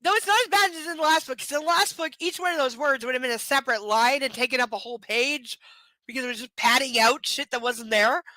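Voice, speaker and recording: A woman's voice: sits high, quick pace, pushed and bright, no room sound. A tired woman reading a book aloud on a live stream and chatting bluntly, swearing freely and sardonic. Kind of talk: live reading and casual chat.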